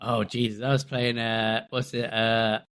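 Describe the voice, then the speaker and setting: A man's voice: mid-range voice, level tone, measured pace, fairly bright tone, clear, resonant tone. A man in his thirties co-hosting a gaming podcast, talking casually and hesitantly, with frequent fillers as he reports news. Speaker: podcast co-host. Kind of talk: casual chat.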